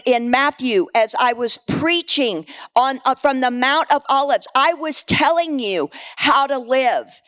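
A middle-aged woman preaching a sermon, animated and candid, mixing scripture with personal stories and laughing at herself. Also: sits high, unhurried, few pauses.

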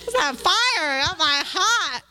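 A young woman preaching a lively, conversational sermon, laughing often and talking with casual fillers. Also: very high-pitched, slow, poor audio.

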